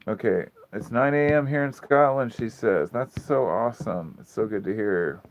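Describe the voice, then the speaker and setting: A man's voice: on the low side, normal speed, noisy background. A man hosting a casual livestream from his phone, telling long rambling stories with plenty of swearing. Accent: US Pacific Northwest. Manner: rambling storytelling, frequent swearing. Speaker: livestream host. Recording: dull lo-fi phone audio.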